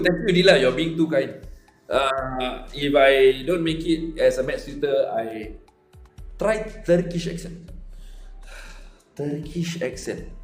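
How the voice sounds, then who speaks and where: A young man with a Singaporean English accent, tutoring maths on a casual live stream and joking with viewers as he goes. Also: a little high. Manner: chatty, joking asides to viewers. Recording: echoey room with faint music.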